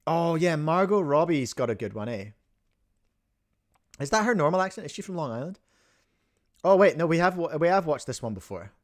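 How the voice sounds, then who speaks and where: A man's voice: a little high, big pitch swings, normal speed, long pauses. A man hosting a livestream in a casual, rambling, jokey way, chewing a snack as he talks. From New Zealand. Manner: rambling, self-interrupting, jokey. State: chewing while talking. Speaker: livestream host.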